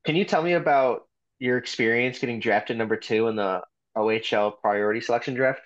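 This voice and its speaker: A man hosting a casual interview, asking upbeat, quick questions. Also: mid-range voice, muffled recording.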